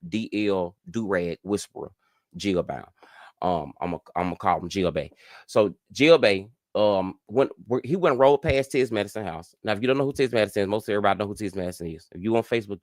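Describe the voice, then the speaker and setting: A man hosting a casual live stream, chatting to viewers and getting animated as he reacts to gossip. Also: no room sound, clean studio sound. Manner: animated, chatty, jumps high in pitch when outraged. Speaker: host.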